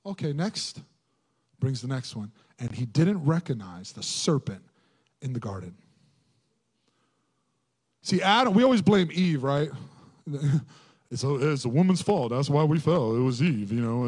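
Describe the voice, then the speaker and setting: A middle-aged man preaching a sermon as pastor, animated and joking, acting out little voices and laughing as he goes. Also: medium pitch, measured pace, long pauses.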